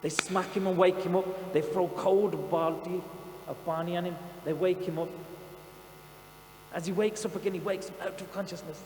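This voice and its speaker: A man's voice: sits high, fairly even intonation, normal speed. A man with a British Punjabi accent telling a story as a sermon, impassioned and dramatic, mixing in Punjabi phrases. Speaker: preacher. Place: outdoor camp hall. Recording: echoey hall with mains hum.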